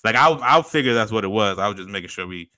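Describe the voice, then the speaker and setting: A young man chats on his podcast in a loose, slangy way and laughs easily. His voice is bright and crisp, with a clean resonance, and it is recorded close and dry. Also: on the low side, animated, fast, no echo. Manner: easygoing, slangy, laughs often. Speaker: podcast co-host. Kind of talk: casual chat.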